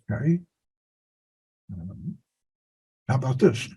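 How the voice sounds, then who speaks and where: A man's voice: mid-range voice, a little slow, mellow, rough recording. A man telling a meandering, self-deprecating story on a video call as a spiritual teacher. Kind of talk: anecdotal storytelling.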